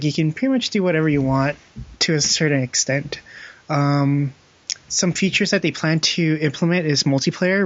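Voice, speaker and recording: A young man chats casually on a gaming podcast, his voice sitting a little high for a man. He rambles, stacking fillers and breaking into laughs. The sound is dry and lo-fi, with a muffled top end. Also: a bit bright, dry recording. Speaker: podcast co-host. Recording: dull, dry lo-fi podcast audio.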